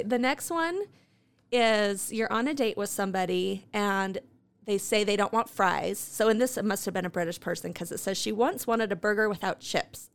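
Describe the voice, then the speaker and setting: A woman co-hosting a podcast in casual chat, reading out listener stories and laughing often. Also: medium pitch. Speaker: podcast co-host.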